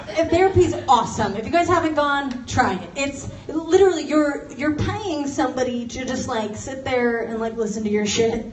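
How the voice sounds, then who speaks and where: A young woman from Los Angeles doing a stand-up comedy set, chatty and self-mocking, laughing through her lines. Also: high-pitched. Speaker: stand-up comic. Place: office turned into a comedy venue. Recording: roomy office space, mic at a distance, noisy.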